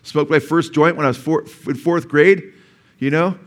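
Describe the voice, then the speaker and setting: A man's voice: fairly high pitch, normal speed, a bit bright. A middle-aged male pastor preaching a sermon in a church, talking conversationally and asking the congregation questions.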